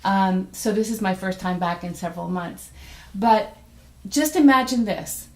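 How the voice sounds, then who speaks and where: A middle-aged woman talks her way through a devotional message in an animated, chatty manner. She stumbles, restarts and fills pauses as she goes. Her mid-range voice bounces around a roomy, echoey space. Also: medium pitch. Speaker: devotional host and teacher. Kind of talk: casual devotional talk. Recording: roomy echoey room sound.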